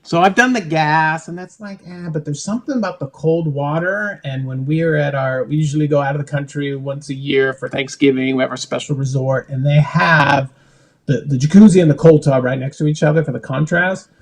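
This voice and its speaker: A man being interviewed on a podcast, telling rambling, animated stories. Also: a little high, a little fast. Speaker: podcast guest. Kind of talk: casual interview.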